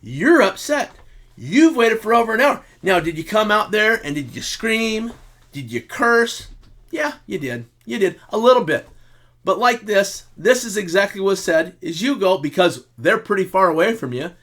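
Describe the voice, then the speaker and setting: A middle-aged man giving blunt relationship advice as the host of his own videos, speaking straight to the listener and moving from loud outbursts to quiet resignation. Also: sits high, big pitch swings, moderate pace. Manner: lecturing, direct address to the listener; swings between shouting reenactments and quiet resignation. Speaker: self-help video host.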